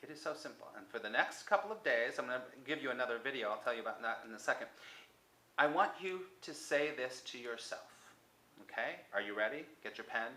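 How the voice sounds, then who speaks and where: A man giving a motivational self-help talk to the viewer, coaxing and repetitive, sometimes dropping to a soft near-whisper. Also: mid-range voice, lively intonation, a little fast, roomy sound, low-quality recording.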